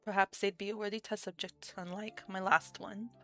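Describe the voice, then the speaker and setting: A woman's voice: medium pitch, little pitch movement, normal speed, sharp tone, soft background music. A woman voicing a cold, scornful middle-aged father who speaks curtly and dismissively. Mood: scheming. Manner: curt, dismissive.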